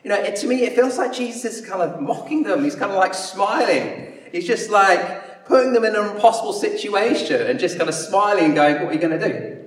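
A man's voice: high-pitched, lively intonation, a little fast. A man preaching a sermon in a conversational, storytelling way, often acting out the people in his story. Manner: conversational, storytelling with acted-out voices. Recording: echoey hall, from a distance.

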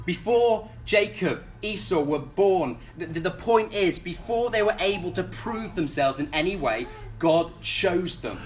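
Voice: mid-range voice, lively intonation, a little slow. A preacher delivering a sermon in a casual, conversational way, often repeating words and putting questions to the congregation.

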